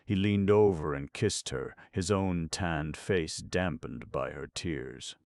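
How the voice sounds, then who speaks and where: A man narrating a classic novel as an audiobook, reading in a measured, even way. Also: deep voice, creaky, no room sound. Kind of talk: scripted literary narration.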